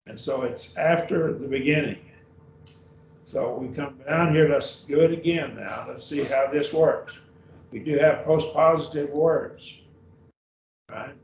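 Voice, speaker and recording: Teaching a beginning Greek class at a church, this man has a voice on the high side and a measured pace, accompanied by a slight hiss or hum. He is patient and checks in with students often. The sound comes from far off, dull and roomy.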